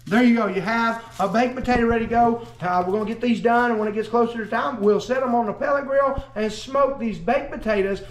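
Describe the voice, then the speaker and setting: A man's voice: very high voice, fairly quick, hardly any pauses, echoey room. A man chatting folksily as he demonstrates cooking in his home kitchen, joking as he goes. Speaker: cooking vlogger and preacher.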